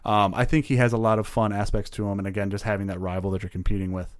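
A man's voice: lowish voice, flat delivery, quick pace, no room sound, clean studio sound. A man co-hosting a tabletop gaming podcast, chatting casually and rambling with many fillers. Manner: rambling, lots of "like" and restarts, laughs easily. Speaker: podcast co-host. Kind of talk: casual chat.

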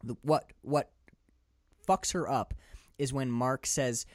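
A man co-hosting a podcast, chatting casually about a film, animated and laughing often as he acts out scenes. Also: mid-range voice, takes it slowly, no echo, clean studio sound. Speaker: podcast co-host.

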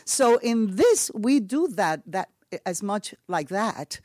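A woman from Puerto Rico, with a Puerto Rican accent, tells a story to a panel audience. Her pitch rises and falls with lively animation, and she acts out each exchange with laughter and short Spanish asides. The sound is close and dry, with no room echo. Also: takes it slowly. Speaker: actress on a panel. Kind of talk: panel talk, telling an anecdote.

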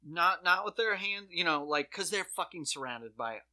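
A podcast co-host tells a long story in loose, profane chat, jumping into quick voices for the people in it. The voice is bright and forward, with a tense edge. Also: medium pitch, animated. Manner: swearing storyteller who acts out quotes. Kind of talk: casual chat.

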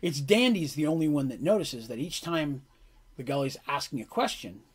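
A man narrating a tabletop game as game master in a casual, animated descriptive way. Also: on the high side, moderate pace, husky.

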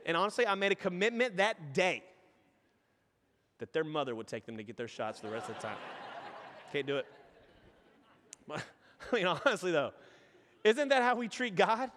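A man's voice: high-pitched, moderate pace, long pauses, long reverb tail. A man in his thirties preaching a sermon as pastor, telling stories animatedly and acting out voices. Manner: animated storytelling with acted-out voices.

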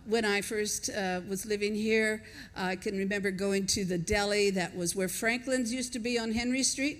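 An older American woman with an American accent softened by years in Australia, preaching a conversational sermon and telling stories to her congregation. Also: on the high side. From United States. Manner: conversational, storytelling, laughs with the congregation. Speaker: pastor. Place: church auditorium. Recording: reverberant church hall.

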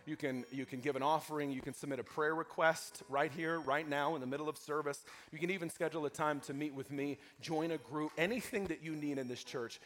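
A man's voice: on the high side, steady tone, a little fast, few pauses, a bit bright. A pastor preaching to his congregation during a church service, emphatic and calling out for amens between points. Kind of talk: live sermon with announcements.

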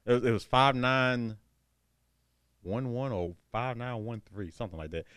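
A man in a loose, casual podcast chat who rambles through stories full of profanity and laughs. His voice sits in an ordinary middle pitch. The sound is dry and close, with no room echo. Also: moderate pace, fairly bright tone, smooth.

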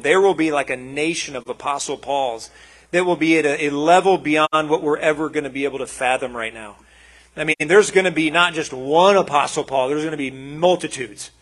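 A man delivers a conversational sermon with earnest feeling, often restarting and adding asides. His voice sits a little high and has a husky grain. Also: a bit bright. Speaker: preacher.

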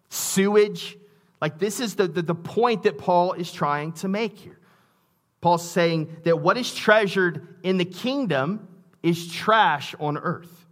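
A man's voice: a little high, fairly bright tone. A man preaching a sermon in a conversational way, with asides and restarts, reading scripture aloud with emphasis. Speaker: pastor.

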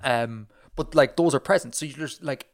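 A man's voice: medium pitch, normal speed. Man, podcast co-host, chatty and digressive, loose filler-heavy delivery. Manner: rambling, animated, lots of fillers and restarts. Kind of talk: casual chat.

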